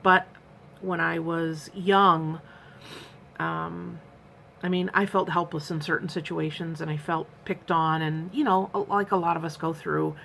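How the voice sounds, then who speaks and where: In this personal vlog, a U.S. woman in her fifties speaks candidly and earnestly, rambling through fillers and restarts. Her fairly low, creaky voice is steady, a little slow, and a bit bright, with slight background noise.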